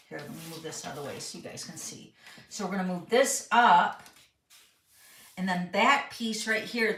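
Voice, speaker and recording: A woman's voice: lowish voice, pushed and bright, distant mic. A middle-aged woman hosting a live card-making tutorial, walking viewers through each step and reading their questions aloud in a chatty way. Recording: roomy sound, voice a bit off-mic.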